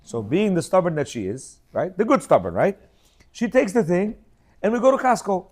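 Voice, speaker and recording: A middle-aged man hosts a casual talk, telling a long personal story. His higher voice swings up and down, animated and lively. He rambles and restarts often, acting out quotes as he goes. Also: normal speed. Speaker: host.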